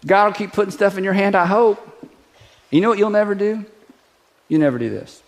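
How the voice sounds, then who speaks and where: A middle-aged male pastor with a high-sitting voice and a flat delivery speaks a little fast in a conversational, joking sermon. He stacks up rhetorical questions and leads the congregation in a spoken declaration.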